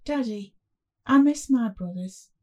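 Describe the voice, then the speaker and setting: A woman's voice: a little high, animated, unhurried, mellow, dull audio, voice pushed up. A woman voicing a frightened five-year-old boy who speaks in a small, pleading voice in a spoken story. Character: scared little boy, five years old.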